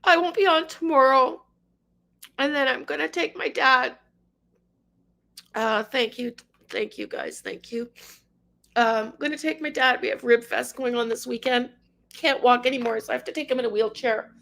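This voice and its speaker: Tearful woman with a gravelly voice. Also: fairly high pitch, fairly even intonation, moderate pace, fairly bright tone. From Canada. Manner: rambling, tearful, talks to chat by name. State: crying. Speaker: tarot livestream host. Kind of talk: emotional livestream chat with viewers.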